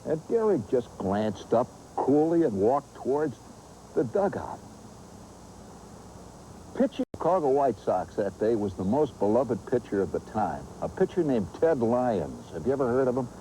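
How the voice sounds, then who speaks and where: An animated male storyteller and host shares a comic, nostalgic tale, sprinkling in vivid asides. He speaks in a mid-range voice at normal speed over a low-quality recording with a bit of hiss or hum.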